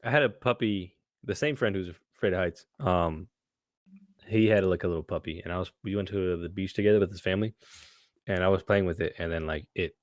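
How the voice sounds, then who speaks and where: A man's voice: sits low, brisk, dry recording, clean studio sound. A tired young man co-hosting a casual podcast, rambling, stumbling over words and laughing a lot. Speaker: podcast co-host.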